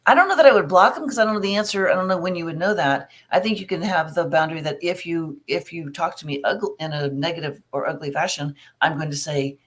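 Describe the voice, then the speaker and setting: A woman's voice: low voice, fast talker, hardly any pauses, fairly bright tone. Chatty middle-aged woman giving frank advice. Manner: casual, chatty, frank advice with everyday examples. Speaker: family recovery coach. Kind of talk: live Q&A, answering viewer questions.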